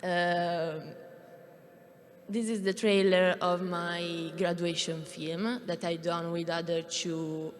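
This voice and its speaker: A woman's voice: on the low side, level tone, slight background noise. Nervous young woman on stage. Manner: hesitant, many fillers, halting. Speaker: animation student presenter. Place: stage in a large hall. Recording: long hall reverb.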